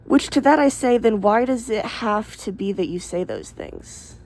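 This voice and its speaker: Blunt, mellow-voiced woman ranting candidly. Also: mid-range voice, expressive, normal speed. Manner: blunt, candid, frequent swearing; rambling with many fillers and asides. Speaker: vlogger. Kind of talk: casual opinion monologue.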